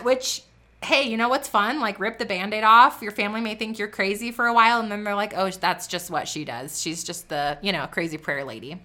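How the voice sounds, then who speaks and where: A woman's voice: lowish voice, bright, forceful tone. A woman in her thirties giving a fervent, preachy motivational talk on faith and business, with a lot of repetition and "like".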